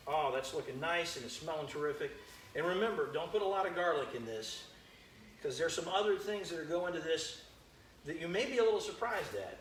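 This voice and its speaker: A man's voice: fairly high pitch, animated, brisk, fairly bright tone, echoey room, slight background noise. A man hosting a live-streamed home cooking demo, chatting with viewers by name as he cooks in his kitchen. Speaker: home cooking show host.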